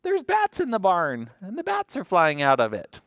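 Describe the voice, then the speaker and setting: A man leading a toddler story time at a library, reading a picture book aloud and doing animal sounds in a sing-song manner that drops to hushed tones and leaps to bright exclamations. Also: sits high, huge pitch swings, normal speed, gravelly, no echo, clean studio sound. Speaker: children's librarian.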